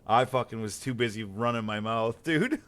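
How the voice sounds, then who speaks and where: A man's voice: medium pitch, normal speed, fairly bright tone. An American man streaming a game, chatting casually, rambling with repeated words and cursing freely. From United States. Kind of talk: casual gaming chat.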